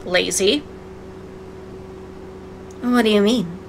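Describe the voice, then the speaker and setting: A woman's voice: mid-range voice, very slow, creaky, slight background noise, low-quality recording. A woman narrating a visual novel aloud as a let's play, breaking in with sarcastic, playful asides. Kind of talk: reading game text aloud with commentary.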